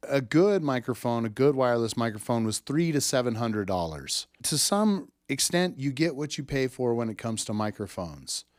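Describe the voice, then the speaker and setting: A man's voice: mid-range voice, very animated, normal speed, few pauses, dry recording, clean studio sound. A man, an audio engineer, giving a casual spoken lesson on microphone technique in a blunt, emphatic way, swearing freely and often checking in with "right?". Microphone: studio microphone with tube preamp.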